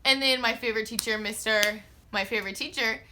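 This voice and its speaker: A woman's voice: fairly high pitch, brisk, slight background noise. A young woman vlogger telling a casual storytime, slangy and profane, with lots of filler words and acted-out quotes. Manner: expressive, acts out her own quotes.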